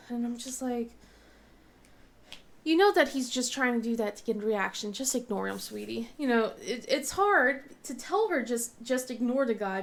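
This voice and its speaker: A woman's voice: fairly high pitch, expressive, moderate pace. A woman in her thirties chatting casually while she crafts, rambling with many restarts and sore-mouthed. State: mouth in pain. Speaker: vlogger and crafter.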